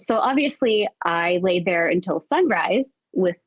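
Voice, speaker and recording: A woman guest on a podcast telling a story in a casual, animated way, jumping up in pitch when she acts out what people said and swearing now and then. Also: unhurried, slightly rough, no room sound. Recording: dull lo-fi recording.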